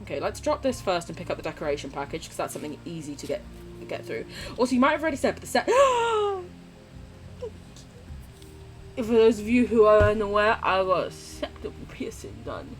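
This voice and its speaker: A woman's voice: mid-range voice, expressive, fast, soft background music. A woman live streamer chatting casually with her viewers while gaming, swearing freely and gushing affection.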